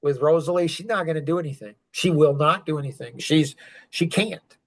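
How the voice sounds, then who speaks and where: A middle-aged man talking on a podcast with a somewhat high voice. He speaks with raw intensity and often climbs into angry, emphatic outbursts. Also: fairly quick. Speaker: podcast guest sharing his story. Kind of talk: emotional podcast conversation.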